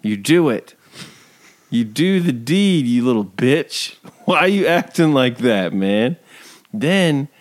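A man co-hosting a casual chat show, mocking someone in a profane, laughing tirade. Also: on the low side. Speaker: podcast co-host.

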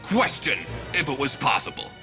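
An actor playing a hot-tempered male alien warrior, gruff and accusing, in a series clip with music behind. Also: fairly high pitch, expressive, moderate pace. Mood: angry.

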